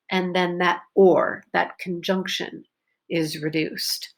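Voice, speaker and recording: A woman teaching pronunciation, talking slowly and carefully and repeating example sentences. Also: on the low side, flat delivery. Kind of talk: unscripted pronunciation lesson.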